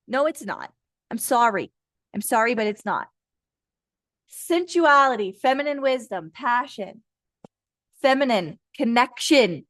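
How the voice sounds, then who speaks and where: A young woman giving a casual live tarot reading, blunt and profane, who breaks into quick high-pitched voices to act out her listeners. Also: big pitch swings, fairly bright tone, dry recording, clean studio sound. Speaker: tarot reader.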